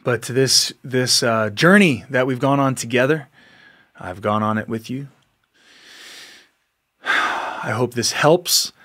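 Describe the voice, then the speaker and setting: A man's voice: medium pitch, slow pace, long pauses, pushed and bright. A man hosting a podcast, giving an earnest, exhorting motivational monologue, often repeating himself and laughing between lines. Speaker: podcast host.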